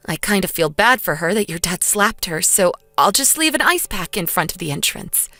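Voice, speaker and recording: A woman voicing a calm young wife who firmly lectures her mother-in-law. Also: fairly low pitch, moderate pace, no echo, full character voice. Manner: cool, lecturing, steady. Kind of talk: dramatized story dub.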